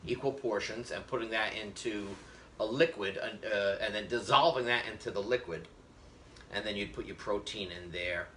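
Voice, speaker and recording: A man's voice: fairly low pitch, sharp tone, slight background noise. Chatty man teaching a cooking class. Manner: chatty, joking, explanatory with frequent fillers. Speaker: cooking instructor. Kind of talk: live online cooking class. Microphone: webcam on a video call. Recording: echoey room.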